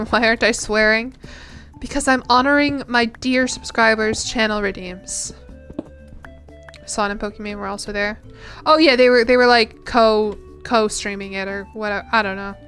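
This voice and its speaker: A woman's voice: on the high side, fairly even intonation, normal speed, a bit bright, soft background music. A young woman streamer chatting casually while gaming, rambling and self-deprecating.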